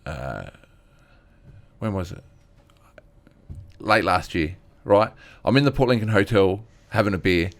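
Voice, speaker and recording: A man talks as a guest comedian in an interview, his voice sitting a little low. He tells his stories in a candid, rambling way and acts out other people's lines as he goes. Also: big pitch swings, unhurried, long pauses. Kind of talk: candid storytelling chat.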